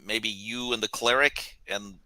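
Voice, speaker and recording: A man's voice: lowish voice, steady tone, unhurried, pushed and bright, no room sound, poor audio. A man playing a tabletop game, planning hesitantly and politely with the group. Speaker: player. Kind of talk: casual tabletop play.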